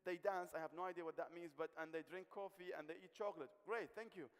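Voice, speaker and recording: A man telling a humorous story as a conference speaker, animated and acting out both sides of a conversation on a stage microphone in a hotel conference hall. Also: on the high side, quick pace, clear, resonant tone. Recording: long hall reverb.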